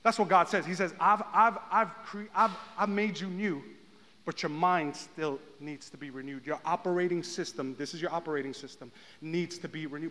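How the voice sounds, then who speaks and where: A man preaching a sermon as pastor, swinging from hushed talk to shouted passages. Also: a little high, fairly quick. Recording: long hall reverb.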